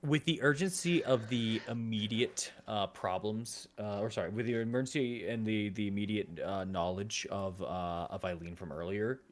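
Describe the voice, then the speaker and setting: A man's voice: fairly low pitch, normal speed, hardly any pauses. Rambling male game master narrating. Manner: rambling, self-correcting narration with frequent fillers. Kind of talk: narrating a live tabletop game.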